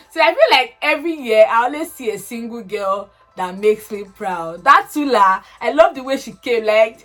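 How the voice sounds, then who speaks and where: Animated young woman. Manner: animated, expressive, quick swings into high excited tones. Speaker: reality show commentator. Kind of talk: casual recap vlog.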